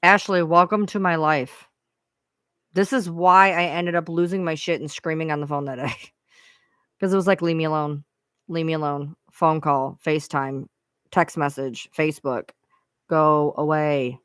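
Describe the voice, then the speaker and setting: A woman's voice: sits low, steady tone, moderate pace, a bit bright, no room sound, studio quality. A woman hosting her own live stream, venting to viewers in a frustrated, profane rant. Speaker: livestream host.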